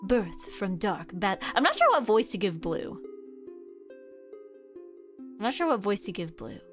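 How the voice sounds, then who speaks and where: A woman's voice: mid-range voice, sing-song, a little slow. A woman streamer chatting playfully and self-mockingly while playing a video game. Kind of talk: let's-play commentary. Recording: faint game music behind.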